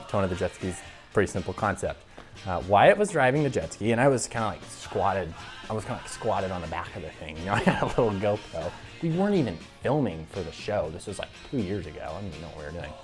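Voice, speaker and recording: Animated young man telling a crude story. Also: fairly low pitch. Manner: animated, crude, laughing often. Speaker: show regular. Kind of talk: casual storytelling.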